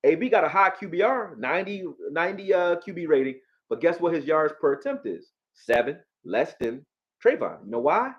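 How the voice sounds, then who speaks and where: A man from Philadelphia with a Philly accent, hosting a live football stream, profane and animated, talking back to his chat. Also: on the high side, normal speed, dull audio. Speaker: sports streamer.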